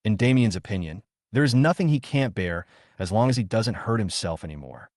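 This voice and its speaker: Man narrating a story in a low voice. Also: expressive, fairly quick, darkish tone, no room sound, clean studio sound.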